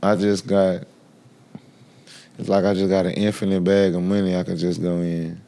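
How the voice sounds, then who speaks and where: Brash, loud-laughing man in a sit-down chat. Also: deep voice, moderate pace, vocal fry. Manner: brash, animated, laughs loudly. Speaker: guest. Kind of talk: casual interview talk.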